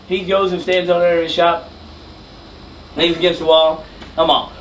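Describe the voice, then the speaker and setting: A fast-talking man with a fairly high voice tells a rowdy, profane story, laughing as he acts out the people in it. The casual, animated retelling is picked up by a distant mic in a roomy space, with faint noise.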